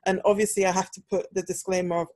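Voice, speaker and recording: Lively British woman telling a story. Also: mid-range voice, quick pace, no room sound. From United Kingdom. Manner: animated storyteller, acts out quoted voices, laughs often. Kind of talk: casual chat.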